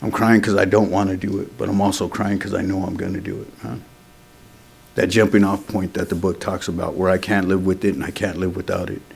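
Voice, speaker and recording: A man's voice: low voice, little pitch movement, fairly quick, gravelly, husky. A man speaking at a recovery meeting, telling his own story in a candid, street-casual way. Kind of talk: personal recovery testimony.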